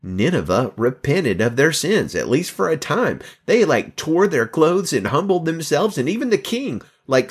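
A man hosting a Bible reading podcast, teaching and telling the story in an earnest, encouraging way. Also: mid-range voice. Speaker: podcast host.

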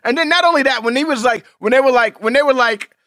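A man co-hosting a podcast in casual chat, loud and animated. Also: extremely high pitch, fast, no echo, clean studio sound. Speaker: podcast co-host.

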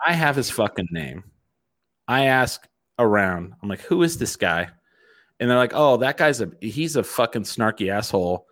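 A middle-aged man telling a profane, animated story in casual chat as a host. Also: medium pitch, moderate pace.

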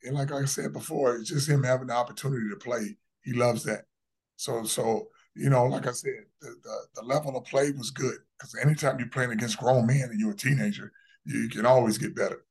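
A man's voice: mid-range voice, fairly even intonation, brisk, a little mellow, slightly rough. Brash, boastful man, plain mid-range voice. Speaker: podcast guest. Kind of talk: casual interview talk.

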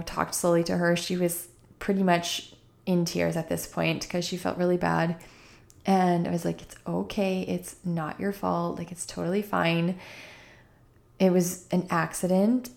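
Chatty, slightly croaky woman podcaster. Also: lowish voice, darkish tone. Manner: chatty, lots of "like" and "right?". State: slightly croaky after a run. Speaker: podcast host. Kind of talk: casual wellness podcast talk.

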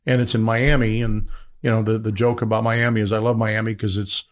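A man talking as a guest in a business interview, rambling with many restarts as he makes his pitch. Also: little pitch movement, fairly quick. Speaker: media entrepreneur guest.

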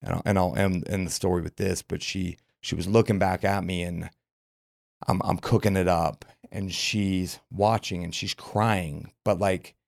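Low, gravelly guest voice in a dry, close recording, a man from Utah speaking loosely with "like" fillers. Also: steady tone, unhurried, darkish tone, no room sound. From Utah, USA. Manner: frank, loose, lots of "like" fillers. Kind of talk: candid personal storytelling.

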